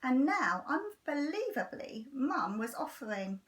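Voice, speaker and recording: A teacher reading a children's storybook aloud with a lively, expressive delivery. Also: female voice, high-pitched, a little slow, recorded from a distance.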